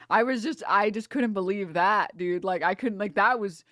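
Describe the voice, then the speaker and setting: A young American woman streamer telling a story in casual chat, animated and profane, often laughing through her words. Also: medium pitch, normal speed, no echo, studio quality. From United States.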